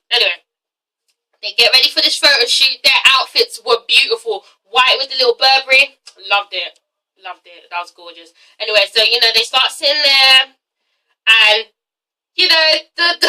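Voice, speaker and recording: A woman's voice: a little high, lively intonation, a little fast, bright, forceful tone, far from the mic, low-quality recording. A woman reviewing a TV episode in a casual, gossipy rant, frank and swearing freely. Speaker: TV show reviewer.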